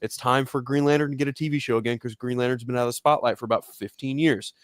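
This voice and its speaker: A man's voice: mid-range voice, fairly even intonation, fast, no echo. A man ranting in a heated, profane casual chat on a live stream, mocking fans. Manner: ranting, profane, mocks fans in whiny shouts. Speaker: podcast co-host.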